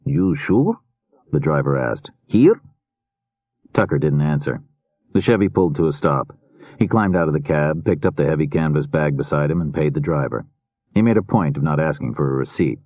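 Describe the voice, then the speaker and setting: A man reading a mystery novel aloud in a measured, steady narration. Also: very deep voice, no room sound, phone-quality sound. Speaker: audiobook narrator. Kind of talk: scripted narration.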